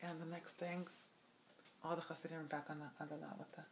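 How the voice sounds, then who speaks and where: A woman telling a Hasidic tale at a gathering, animated and chatty, with many asides and fillers. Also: low-pitched, fast, slight background noise. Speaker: storyteller. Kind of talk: spoken Hasidic storytelling. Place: event gathering.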